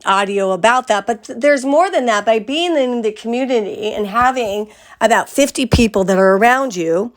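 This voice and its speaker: An older woman with a raspy voice from a cold, giving a chatty, meandering spiritual talk to her community. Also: on the high side, lively intonation. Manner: chatty, meandering, drawn-out phrasing. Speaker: spiritual teacher.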